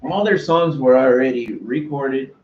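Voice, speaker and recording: A man who plays bass, a guest on a podcast, telling stories and doing goofy voices. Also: a little slow, echoey room, highs cut off. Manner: animated storyteller, does goofy voices. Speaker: guest musician. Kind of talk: casual podcast chat.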